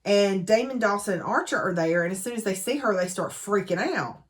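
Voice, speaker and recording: A woman's voice: mid-range voice, animated, fairly quick. A woman gives a casual, chatty book recap full of dramatic asides. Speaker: book reviewer.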